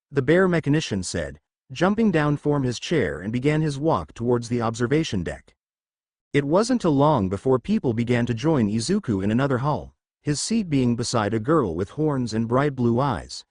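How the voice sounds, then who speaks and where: Male narrator for a fan fiction reading, lively pitch, dry close sound, voices every character with only slight lifts. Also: normal speed, no echo.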